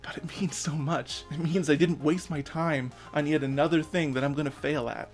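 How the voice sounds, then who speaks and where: A man's voice: on the high side, fairly even intonation, moderate pace, soft background music. A man in his thirties giving an earnest, emotional personal rant as a vlogger, swearing now and then. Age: 30s.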